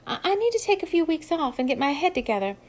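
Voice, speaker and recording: Brief: woman reading as a stammering, nervous young Latina woman, pitched higher, faster. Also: big pitch swings. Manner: hesitant, stammering.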